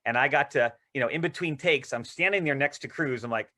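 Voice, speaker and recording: A male actor, interviewed as a guest, telling rambling, excited anecdotes in casual conversation. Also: mid-range voice, fairly quick.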